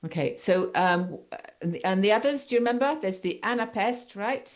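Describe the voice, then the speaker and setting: A woman teacher giving a seminar lecture, talking haltingly with many fillers and often checking that students follow. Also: medium pitch, animated.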